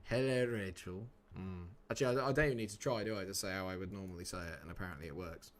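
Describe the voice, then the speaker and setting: Chatty man, low voice. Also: very fast, fairly bright tone. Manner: chatty, jokey, answers chat by name. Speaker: live-streamer. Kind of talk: casual live-stream chat.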